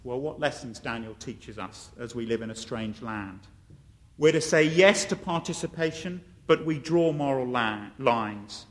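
A man's voice: medium pitch, animated, measured pace, fairly bright tone. A man preaching a sermon and telling the story with animation, acting out the voices he quotes. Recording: long hall reverb.

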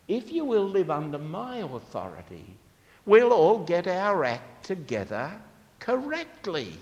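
A man's voice: fairly high pitch, sharp tone, in a large hall. A man preaching a sermon, asking the congregation rhetorical questions.

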